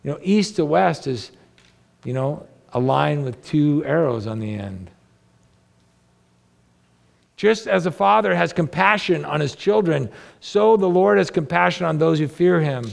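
A male pastor preaching a sermon with a strongly gravelly, crackling voice pitched a little above the usual for a man. He reads scripture aloud and turns to his listeners with earnest rhetorical questions. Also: expressive, a little slow, long pauses.

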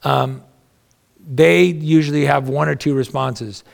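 A male pastor preaches in a relaxed, folksy, conversational manner and drops in humorous asides. His voice is fairly high for a man and carries a strong gravelly rasp. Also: slow. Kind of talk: sermon.

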